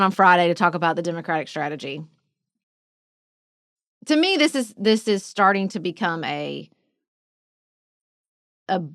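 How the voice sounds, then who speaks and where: Woman podcast cohost, kinda high voice, animated, thinking out loud, dry mic. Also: no room sound. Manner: animated, thinking aloud with restarts. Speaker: podcast co-host. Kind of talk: casual political chat.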